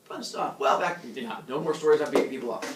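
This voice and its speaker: A man's voice: fairly high pitch, quick pace, very noisy. A male teacher recapping a book with his class, quizzing students in a chatty way. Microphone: camera at a distance. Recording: echoey classroom, mic far off, students chattering.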